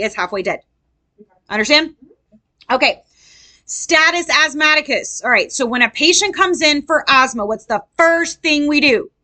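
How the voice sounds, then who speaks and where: Brief: upbeat woman nursing tutor, high bright voice, lively quizzing style. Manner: animated, quizzing students, acts out patients. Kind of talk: casual classroom review lesson.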